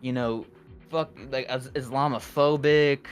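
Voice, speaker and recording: A man's voice: mid-range voice, fairly even intonation, measured pace. A young man, a guest music producer, chatting candidly on a podcast and rambling with lots of fillers. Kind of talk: casual podcast chat.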